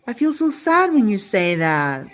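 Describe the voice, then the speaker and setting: A woman's voice: mid-range voice, very animated, unhurried. A woman chatting casually on a live stream, talking straight to a viewer and asking the same questions again and again in a rambling, emotional way.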